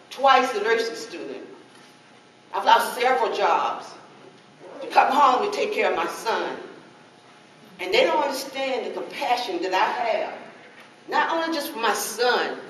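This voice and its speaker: At a public meeting, a middle-aged woman with a fairly high pitch speaks as a parent caregiver, giving an emotional public comment. She is impassioned and pleading and repeats herself. The recording is noisy, taken from far off in an echoey hall.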